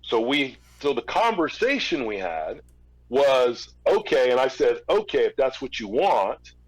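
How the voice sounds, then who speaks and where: A man's voice: mid-range voice, big pitch swings, measured pace, no room sound, poor audio. A middle-aged man, a former record label executive, tells a story as a podcast guest, acting out both sides of each exchange and often restarting his sentences. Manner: recounts events through quoted back-and-forth dialogue; frequent restarts and repeated words. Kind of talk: storytelling in a casual interview.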